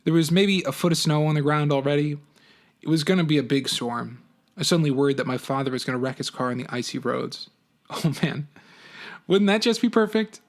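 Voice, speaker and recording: A man, a teacher, reading a novel aloud for his class, with an expressive, animated first-person delivery. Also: mid-range voice, fast.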